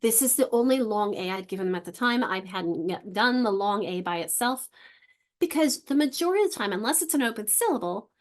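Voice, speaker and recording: A woman's voice: medium pitch, animated, fairly quick. A woman leading an online literacy training for teachers, talking conversationally with frequent restarts and sounding out vowels to demonstrate them, over a computer microphone.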